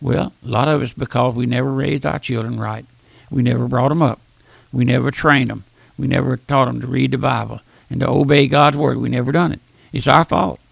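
A man's voice: mid-range voice, steady tone, a little fast, gravelly, slightly rough, dry recording. An older man preaching a fiery, boisterous radio sermon, folksy and repetitive.

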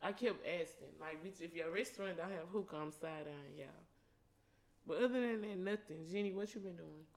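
Young woman cohost, cussing and hyped, kinda low voice. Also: normal speed, vocal fry, low-quality recording. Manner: blunt, profane and excitable. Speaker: podcast co-host. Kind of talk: casual chat.

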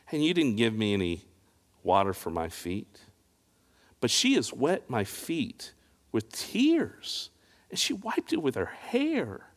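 A male pastor delivering a sermon with dramatic swings of emphasis and pointed rhetorical questions. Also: medium pitch. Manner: dramatic, rising and falling preaching with rhetorical questions. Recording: long reverb of a large hall.

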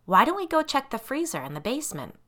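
Woman voicing a sly monster girl, bright and teasing, growls her threats, storybook horror. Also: sits high, sing-song, fast, pitched above the performer's own voice, full character voice. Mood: playful. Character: girl who is secretly a hungry monster.

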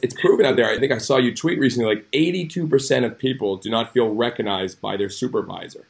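A man hosts an interview and responds to his guest with eager, affirming energy. He talks in an ordinary, mid-pitched voice while guiding the talk to the next topic. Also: quick pace, creaky. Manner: enthusiastic and affirming. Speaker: podcast host.

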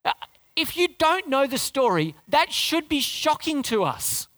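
A woman with a high, very animated, fairly bright voice preaches a sermon at a measured pace. She's earnest and conversational, posing rhetorical questions and repeating phrases for emphasis.

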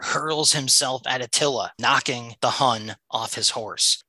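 A man's voice: medium pitch, bright, forceful tone, no echo, rough recording. A man co-hosting a comic book podcast, talking enthusiastically and reading a story synopsis aloud. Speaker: podcast co-host.

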